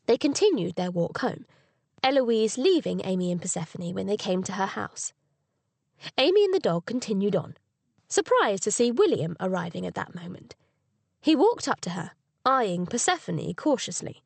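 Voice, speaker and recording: A woman reading a cozy mystery audiobook as narrator, with expressive storytelling on a close studio mic. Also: mid-range voice, moderate pace, creaky, no echo. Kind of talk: scripted narration.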